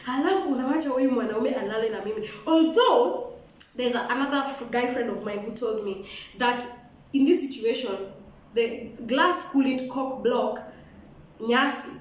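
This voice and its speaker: A young woman with a Kenyan accent telling a personal story in an animated, frank way, switching between English and Swahili. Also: fairly high pitch, normal speed. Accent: Kenyan, mixing Swahili and Sheng. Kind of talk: storytime vlog. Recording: echoey room, mic at a distance.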